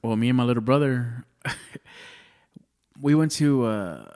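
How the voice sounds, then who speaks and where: A man's voice: medium pitch, expressive, measured pace, darkish tone, smooth. A man in his thirties, a comedian guest, rambling through stories in casual chat, cursing freely and calling everyone "dude.". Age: 30s. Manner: rambling storyteller, swears a lot, says "dude" often.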